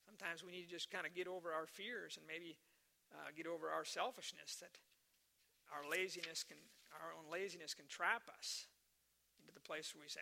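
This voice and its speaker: A male preacher with a high, very bright voice and a strong gravelly edge. He delivers his sermon earnestly and tells stories. He often repeats key phrases for emphasis. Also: steady tone, brisk.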